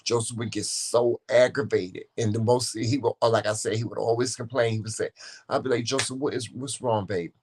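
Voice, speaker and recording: A man's voice: mid-range voice, little pitch movement, a little fast, a little mellow, breathy edge. A man co-hosting a casual podcast, talking earnestly and often restarting his sentences. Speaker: co-host.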